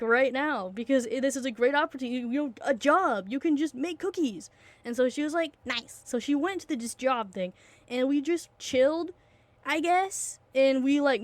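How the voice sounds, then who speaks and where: A young woman rambles through a casual storytime, tripping over fillers and restarts as she gets excited and loses her thread. Her voice sits a little high. The recording is close and dry, with no room sound. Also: no room sound. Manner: rambling, filler-heavy and excitable, often losing her train of thought.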